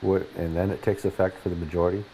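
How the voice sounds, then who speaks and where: A man's voice: deep voice, level tone, quick pace, dark tone, slight background noise, low-quality recording. A man with an American accent hosting a casual news show, easygoing, laughing readily and restarting his sentences. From United States. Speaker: host.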